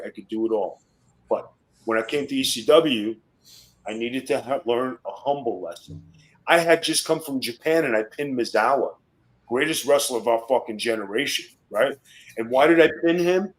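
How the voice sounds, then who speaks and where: A man in his fifties, a former wrestler, swaggers through casual podcast stories. His delivery is blunt and heavy with profanity, and his voice sits at an ordinary middle pitch. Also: a bit bright, poor audio.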